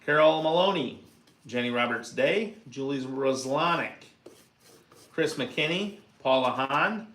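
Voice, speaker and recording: Brief: man, mid pitch, sits off-mic in a roomy, echoing space, short dry remarks. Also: animated, a little slow, fairly bright tone. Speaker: host's husband, co-host. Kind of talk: casual chat, reading names.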